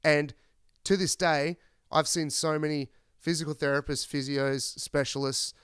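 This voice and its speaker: A podcast host telling rambling, profane stories in casual chat. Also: male voice, a little high, steady tone, a little slow, fairly bright tone, clean tone, no echo, clean studio sound. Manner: rambling, profane, laid-back.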